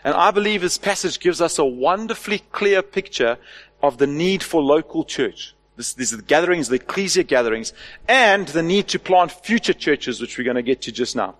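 A high-voiced male pastor preaches to his church, firing off rhetorical questions and leaning hard on key phrases. His voice rings out with a long hall reverb behind it. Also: expressive, normal speed, fairly bright tone. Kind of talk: sermon.

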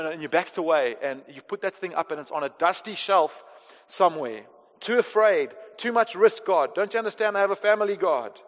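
Pastor guy preaching, expressive, goes loud then hushed, long hall reverb. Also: high voice. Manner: expressive, swings between emphatic and hushed. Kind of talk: sermon. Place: church hall.

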